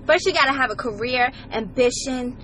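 A woman's voice: sits high, normal speed, a bit bright, slight background noise, poor audio. Brash, profane woman comedy vlogger. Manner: brash, profane, swings into exaggerated voices. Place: inside her car.

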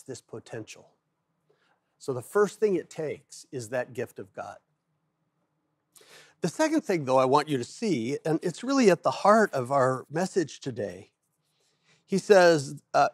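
Guy pastor preaching, chatty storyteller, kinda high voice, dry close mic. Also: no room sound. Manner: storytelling, animated, playful asides. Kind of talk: sermon.

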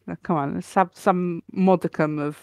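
A woman's voice: lowish voice, steady tone, normal speed. Playful chatty woman co-hosting a podcast. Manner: chatty and playful, tells jokes. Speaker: podcast co-host. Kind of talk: casual chat.

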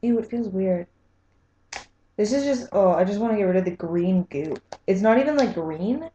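A woman's voice: mid-range voice, lively intonation, moderate pace, mellow, dull audio, slight background noise. A young woman in a casual vlog, squeamish and self-mocking as she talks to the camera. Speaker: vlogger. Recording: echoey room.

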